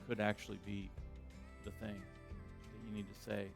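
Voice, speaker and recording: Man preaching with loud and soft swings. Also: fairly low pitch, little pitch movement, normal speed, gravelly, music in the background. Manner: conversational preaching, self-deprecating, swings between loud emphasis and quiet asides. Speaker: pastor. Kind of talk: sermon. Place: church sanctuary.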